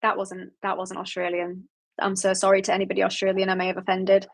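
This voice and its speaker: A Yorkshire woman in her late twenties hosts a book club livestream, reading viewer comments and rambling casually as she answers them. Her mid-range voice is quick, completely flat in delivery, and carries vocal fry.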